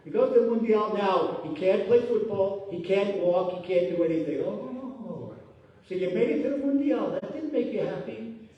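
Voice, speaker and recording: A rabbi giving a Torah lesson, telling stories with lively voiced quotes. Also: male voice, sits high, moderate pace, highs cut off. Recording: echoey hall from far off.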